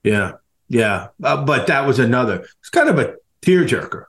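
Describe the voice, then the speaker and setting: A man's voice: mid-range voice, very animated, moderate pace, a bit bright. A man hosting a podcast interview in a casual, effusive way, laughing often and repeating his words. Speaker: podcast host.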